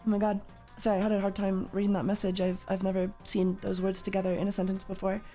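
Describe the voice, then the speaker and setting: A woman hosting a casual livestream chat, loud and sweary, with a slightly tired voice. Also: medium pitch, monotone, quick pace, faint music behind. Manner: loud, swears freely, jumps into yelling. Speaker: livestream host.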